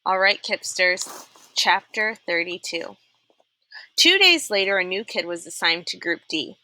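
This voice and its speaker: A young adult woman reading a children's novel aloud, expressive and animated, putting on character voices. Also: lowish voice, measured pace. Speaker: storyteller reading a chapter book aloud.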